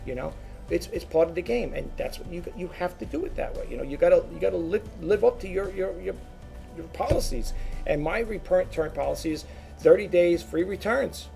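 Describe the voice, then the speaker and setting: A man's voice: high voice, lively intonation, a little fast, gravelly, mellow, soft background music. A man who resells online, chatting casually to his viewers, rambling and repeating words as he goes. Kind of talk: casual talk to camera.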